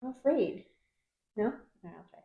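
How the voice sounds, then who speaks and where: Lively playful woman with New York accent. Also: mid-range voice, brisk, creaky, narrow, tinny audio. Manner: playful, teasing, laughs often. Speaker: co-host. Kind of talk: casual chat. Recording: echoey room.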